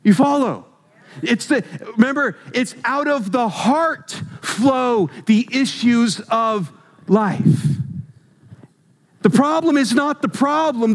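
A man's voice: extremely high pitch, lively intonation, takes it slowly. A man preaching a sermon, conversational and humorous, asking his congregation questions as he goes.

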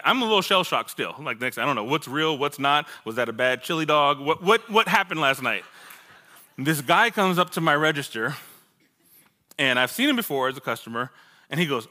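A male pastor with a very bright, ringing voice pitched a little high. He preaches by telling his own story, playing out his past words and laughing at himself along the way. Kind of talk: sermon with personal testimony.

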